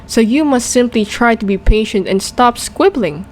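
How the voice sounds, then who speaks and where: A woman voicing a big, gentle, friendly male giant who talks earnestly in jumbled, mangled grammar. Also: on the high side, normal speed, slight background noise, lightly acted. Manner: earnest, eager to please.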